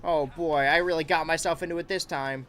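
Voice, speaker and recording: Over his let's play footage, this gaming channel host rambles through sarcastic jokes and asides, speaking fairly quickly with a fairly high pitch and fairly even intonation. His tone is a bit bright, and there's slight background noise.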